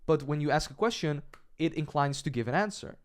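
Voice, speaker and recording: A young adult sales coach at an agency leads a cold-calling lesson, his fairly high voice expressive and fairly quick. He speaks directly, demonstrates sample calls, and regularly checks in by saying "right?"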